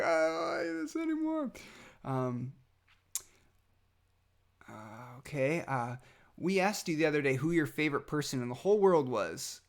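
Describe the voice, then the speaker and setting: Speaking to his toddler son, a father with a fairly high, fairly bright voice delivers a tender, heartfelt message. He hesitates often, filling gaps with fillers, and occasionally falls almost to a whisper.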